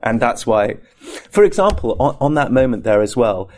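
Lively actor telling backstage stories. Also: male voice, mid-range voice, normal speed. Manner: animated storyteller, acts out scenes. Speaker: actor, interview guest. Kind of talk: casual anecdotal interview talk.

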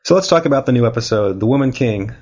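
A man's voice: mid-range voice, expressive, fast, darkish tone, muffled recording. A man hosting a podcast who has a cold, reading a wry, joking episode recap and chatting casually with his co-hosts. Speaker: podcast host. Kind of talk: casual chat and scripted recap.

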